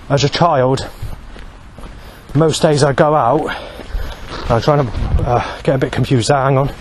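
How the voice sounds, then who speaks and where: A man in his forties with a fairly high voice vlogs to camera from beside a road under a bridge. His monologue rambles, agitated and aggrieved, and keeps coming back around and starting over. Traffic goes by in the background of this low-quality recording.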